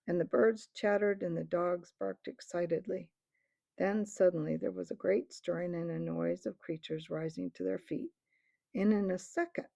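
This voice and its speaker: A woman narrating a children's fantasy novel aloud in a steady storytelling manner. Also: lowish voice, gravelly, dry recording. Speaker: reader. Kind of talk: audiobook narration. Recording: dull lo-fi recording.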